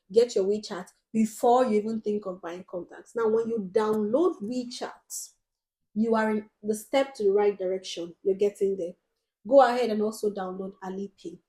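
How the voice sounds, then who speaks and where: A woman's voice: medium pitch, darkish tone. Emphatic Nigerian woman vlogger. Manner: direct, emphatic, with frequent ums. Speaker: host. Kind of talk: casual advice vlog.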